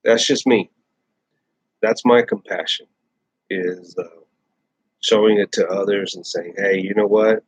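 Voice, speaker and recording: A man's voice: on the low side, steady tone, measured pace, long pauses, slightly rough, dry recording. A man ranting bluntly in casual chat, repeating himself and restarting phrases as he talks. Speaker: host. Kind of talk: casual rant to camera. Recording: dull lo-fi dry sound.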